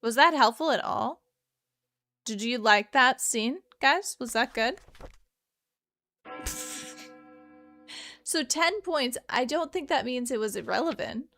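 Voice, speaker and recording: A woman's voice: sits high, expressive, slow, long pauses, a bit bright, soft background music. Chatty woman streaming a game. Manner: chatty, joking, laughs often. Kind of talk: casual gameplay commentary.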